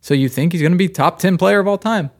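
A man co-hosting a podcast, teasing and deadpan in casual sports chat. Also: high voice, quick pace. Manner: teasing, deadpan jokes, mock French voices. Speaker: podcast co-host.

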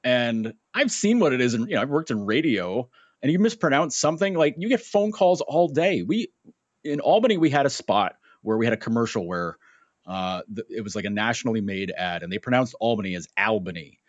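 A young man co-hosting a sports podcast, telling a story in a casual, animated way and acting out the voices in it. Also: medium pitch, brisk, dry recording. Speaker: podcast co-host. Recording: dull lo-fi sound, dry.

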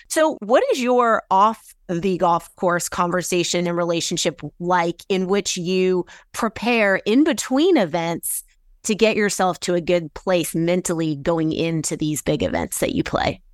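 A woman's voice: mid-range voice, fairly bright tone, smooth, no room sound, clean studio sound. A woman co-hosting a podcast, asking long, winding interview questions that speed up.

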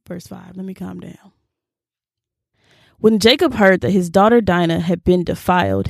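A young woman hosting a casual Bible reading, expressive and slangy, reacting aloud as she reads. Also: medium pitch, gravelly, no room sound, clean studio sound. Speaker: video host.

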